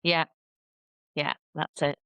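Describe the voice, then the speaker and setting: A woman's voice: sits low, slow pace, clear, resonant tone, no echo. A woman, a singer guesting on a podcast, telling stories in casual talk and acting out her own reactions. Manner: lively, animated storytelling with acted-out exclamations. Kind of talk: casual conversation.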